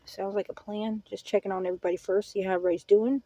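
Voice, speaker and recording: Rambling folksy woman, dark husky voice. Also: medium pitch, steady tone, rapid-fire, no echo. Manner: rambling, folksy, prayerful asides. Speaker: livestream host. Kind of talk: casual live-stream chat.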